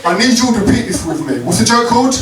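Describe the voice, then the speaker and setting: A cheeky, high-voiced male stand-up from Croydon, South London, races through his routine with big pitch swings over a noisy crowd. Punchy and leading call-and-response, he works the comedy club audience, caught by a distant mic in roomy, noisy live sound.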